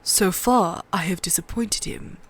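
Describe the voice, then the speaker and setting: A woman reading aloud, voicing an earnest, somber young man who keeps watch on a frozen wall, in a quiet, low-key way. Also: a little slow. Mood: wry. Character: earnest, somber young male sworn brother.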